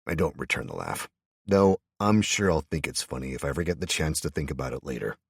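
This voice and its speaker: A man's voice: very deep voice, expressive, brisk, vocal fry, slightly rough, no room sound, studio quality. A man narrating a first-person audiobook in a tense, wry manner.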